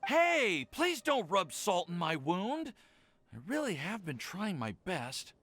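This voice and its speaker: A man's voice: sits high, wildly swooping pitch, slow, fairly bright tone, no room sound, heavily acted. An actor voicing a nervous, lovestruck young man in a game, who stammers when flustered. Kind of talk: game voice acting.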